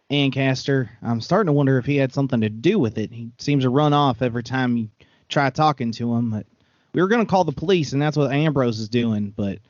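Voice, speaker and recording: A man playing a tabletop horror game in character, brisk and practical as he sums things up. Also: mid-range voice, no room sound. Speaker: player. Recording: dry, slightly muffled audio.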